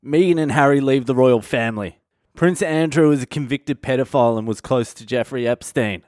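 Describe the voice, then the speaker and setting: A middle-aged man delivers a sardonic comic monologue and swears freely. His voice is smooth and resonant. It is recorded close and dry, with no room sound. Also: mid-range voice, brisk, darkish tone, no echo. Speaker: comedian podcast host. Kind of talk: comic monologue reading comments aloud.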